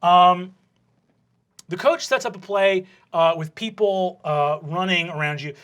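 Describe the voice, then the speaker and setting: A man's voice: sits high, unhurried, fairly bright tone, clear, resonant tone. A young man narrating a tabletop game as game master, casual and full of fillers and swearing.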